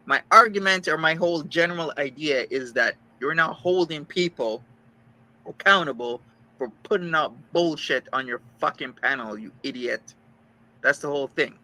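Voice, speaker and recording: A man's voice: fairly high pitch, moderate pace, pushed and bright, rough recording. A man in a heated, profane rant, hurling insults and repeating his point. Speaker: streamer ranting about a rival.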